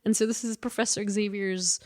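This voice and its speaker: A woman's voice: mid-range voice, fairly even intonation, a little fast, darkish tone. A woman co-hosting a podcast in casual chat, her voice stuffy and nasal, telling a story with animation and frequent laughs. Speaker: podcast co-host.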